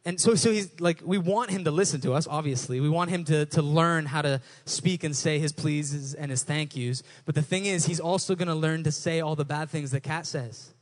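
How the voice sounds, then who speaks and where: A man's voice: on the high side, normal speed, few pauses. Man preaching a casual, conversational sermon. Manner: conversational, repeats words when rephrasing. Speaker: pastor.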